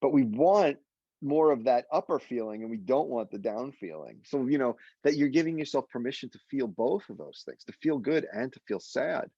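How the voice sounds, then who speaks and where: A man leading a guided meditation session, talking in an animated, emotional way. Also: moderate pace, husky, no echo, highs cut off. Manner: animated and emotional, with sudden high exclaimed quotes. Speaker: meditation teacher.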